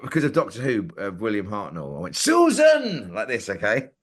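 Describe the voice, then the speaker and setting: A man's voice: lowish voice, quick pace, breathy edge. A man in his forties, a podcast guest telling rambling anecdotes with lots of swearing and acted-out quotes. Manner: rambling, lively, swears freely, acts out quotes. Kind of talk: casual anecdotal storytelling.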